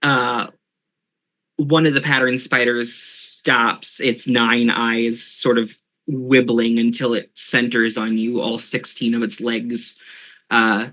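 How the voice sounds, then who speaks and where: A man's voice: mid-range voice, little pitch movement, takes it slowly, bright, forceful tone. A man narrating as game master of an online tabletop game, hesitant with many fillers.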